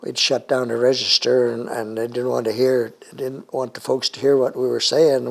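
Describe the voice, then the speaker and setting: An older man recalls his childhood in an oral history interview. His voice sits at a medium pitch, and he talks in halting, rambling stretches full of fillers. He comes from the United States. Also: little pitch movement, vocal fry.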